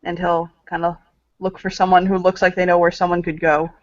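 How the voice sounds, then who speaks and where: Man player, halting and jokey, dry dull audio. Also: sits high, monotone, dry recording. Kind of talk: tabletop game play.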